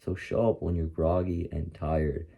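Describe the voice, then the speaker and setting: A man's voice: sits low, level tone, measured pace, vocal fry, slightly rough, muffled recording. A man of twenty, a content creator, talking in a casual, profane, rambling way in a motivational vlog while he is groggy and tired. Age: 20s.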